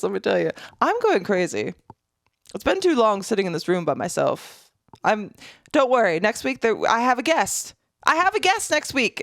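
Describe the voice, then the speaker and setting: A woman's voice: medium pitch, gravelly, no room sound, studio quality. A woman in her thirties hosting a solo podcast, chatting and laughing to herself as she unboxes products in a small room. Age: 30s. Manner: giggly, animated, talks to herself. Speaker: podcast host.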